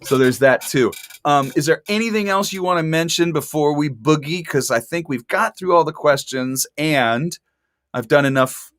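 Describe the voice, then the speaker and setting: A man's voice: a little high, moderate pace, fairly bright tone, no echo. A man from Texas hosting a casual talk show, chatty and rambling, with dry sarcastic humor. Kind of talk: casual chat.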